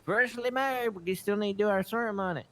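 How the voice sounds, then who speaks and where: A man's voice: high voice, fast, a bit bright, slight background noise. A man chatting in character in a roleplay, blunt, offhand and swearing.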